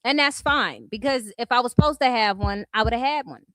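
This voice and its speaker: A woman's voice: fairly high pitch, expressive, fairly quick, a bit bright, no room sound. Sassy, blunt Californian woman ranting. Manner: blunt, profane and sassy, addressing viewers as "y'all". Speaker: commentary streamer. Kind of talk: casual commentary rant.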